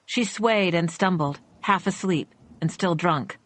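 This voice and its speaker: A woman with a lowish voice narrating a suspense audiobook, measured and tense. The recording is close and completely dry. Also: no echo. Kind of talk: scripted thriller narration.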